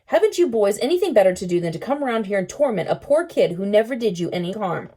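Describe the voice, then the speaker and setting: A woman's voice: medium pitch, big pitch swings, quick pace, warm tone. A woman reading a scolding protective mother. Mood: reproachful. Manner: reproachful, scolding. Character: protective mother, angry then sad.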